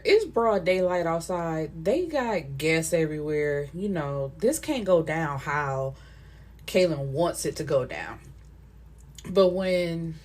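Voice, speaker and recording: A woman's voice: on the low side, a little mellow. A woman casually recapping a novel's plot, chatty, with many fillers and quoted lines from the characters. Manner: chatty retelling with frequent fillers and quoted dialogue. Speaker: book reviewer.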